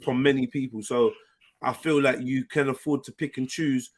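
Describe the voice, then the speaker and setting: A man, hosting a casual panel discussion, talking in a lively, slang-filled way. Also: medium pitch, normal speed. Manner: animated, slang-heavy, acts out quoted voices. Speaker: panel host.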